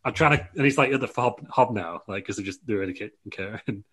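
A man casually pitching a made-up storyline, laughing often and rambling into quick impressions. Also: fairly bright tone, breathy edge.

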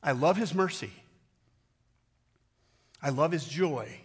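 This middle-aged man, preaching as a pastor, has a slightly high, slightly rough voice and an animated but slow delivery. He talks conversationally, swinging from loud appeals to quiet, reflective moments.

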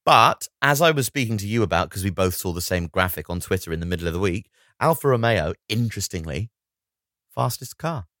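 A man co-hosting a comedy podcast, animated, laughing often and riffing on jokes. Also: on the low side, brisk, dry recording, clean studio sound. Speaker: podcast co-host. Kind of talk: comedic casual chat.

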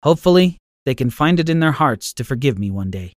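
Expressive male story narrator. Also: medium pitch, fairly quick, no room sound.

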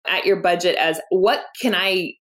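Animated woman founder telling stories. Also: on the low side, normal speed. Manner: animated, acts out quoted dialogue, laughs often. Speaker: founder and guest. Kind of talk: candid interview storytelling.

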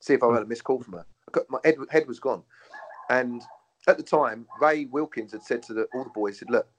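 A man's voice: mid-range voice, brisk, a little hiss or hum. A man, a former footballer, chatting casually and telling stories with frequent laughs and swearing. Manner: swears freely, laughs often, tells stories. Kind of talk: casual chat.

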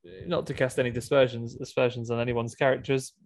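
A man co-hosting a casual podcast chat, tossing in wry, quick quips. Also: medium pitch, flat delivery, no room sound. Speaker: podcast co-host.

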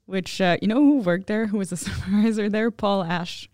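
A woman comedian talking as a guest in a casual podcast chat, relaxed and quick to laugh. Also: mid-range voice, no room sound, studio quality.

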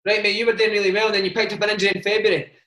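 A man hosting a relaxed interview, his voice high and quick. He fires short prompting questions. The room around him rings with echo. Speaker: interviewer host. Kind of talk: casual interview chat.

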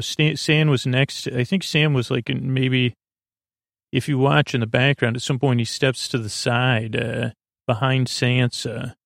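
A man's voice: mid-range voice, creaky, no room sound, clean studio sound. A man hosting a sleep-aid podcast, recapping an episode in a meandering, hesitant way as he thinks aloud. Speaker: podcast host.

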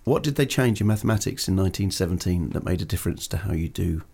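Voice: low voice, lively intonation, fast, creaky, a little mellow, slightly rough. A podcast co-host chatting casually, wry and teasing, often chuckling. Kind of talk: casual chat.

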